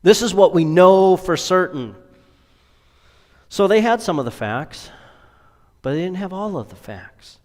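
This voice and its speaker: A man's voice: high voice, expressive, unhurried, long pauses, a little mellow, long reverb tail. A man preaching a sermon as pastor. He asks rhetorical questions, pushing some phrases up with force and letting others sink to a near-whisper. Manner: rhetorical questions, rising to emphatic peaks then dropping to near-whispers.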